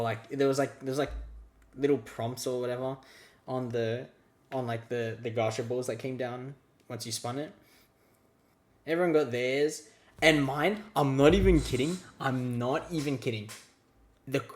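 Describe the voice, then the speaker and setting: A young man telling a story from his student days in a casual rant, exasperated and sarcastic. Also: medium pitch. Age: young adult. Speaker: vlogger.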